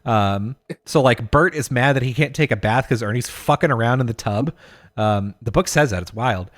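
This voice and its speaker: A man's voice: mid-range voice, moderate pace. A man co-hosting a podcast, chatting casually in a rambling, self-deprecating way. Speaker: podcast co-host. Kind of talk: casual chat.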